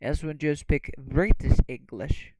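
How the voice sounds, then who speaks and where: A man's voice: a little high, a little slow, dark tone, no room sound, muffled recording. A man whose first language is Spanish, teaching English vocabulary and often checking in with "okay?". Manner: repeats words, checks in with "okay?". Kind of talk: bilingual lesson explanation.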